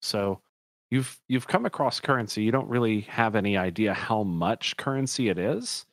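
Low-voiced man as game master. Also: moderate pace, no echo, clean studio sound. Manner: rambling, self-correcting descriptions. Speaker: dungeon master. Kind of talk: narrating a tabletop game.

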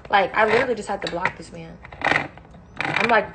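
In a very noisy recording, a young woman with a medium-pitched voice talks fairly quickly while cooking at home on a phone livestream. Her casual chat is blunt, ranting and full of profanity.

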